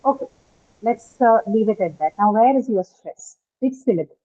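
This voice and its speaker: This online English class on word stress is led by a woman whose voice runs on the high side yet has a dark tone; she's animated and keeps a moderate pace. Patient throughout, she quizzes the students and repeatedly asks "right?" to check they follow. The sound is thin and phone-like.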